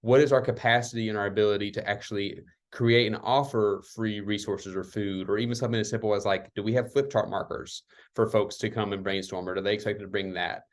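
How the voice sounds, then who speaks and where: A man's voice: on the low side, steady tone, fairly quick. A man speaking on an online community call, reflective and loose, with many fillers like "um" and "like". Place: worked at retreat centers.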